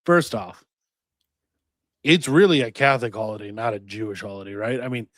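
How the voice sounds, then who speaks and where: A man's voice: on the low side, moderate pace, a bit bright, no room sound. A man co-hosting a casual podcast remotely, sick with a cold, nasal and short of breath, joking dryly. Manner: casual banter, dry jokes. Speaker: podcast co-host. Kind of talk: casual chat. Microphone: remote call mic.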